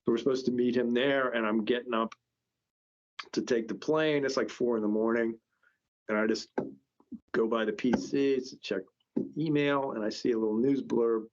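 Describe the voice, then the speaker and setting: A company founder appears as a podcast guest, telling casual stories in a rambling, stop-start way with many restarts. His mid-range voice holds a steady tone at a moderate pace, and he pauses often. The podcast audio is dull and lo-fi.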